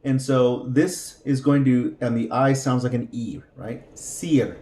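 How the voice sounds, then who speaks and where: A man's voice: medium pitch, level tone, unhurried, warm tone, reverberant. A man teaching a language lesson, patiently repeating each word for practice. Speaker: Spanish teacher.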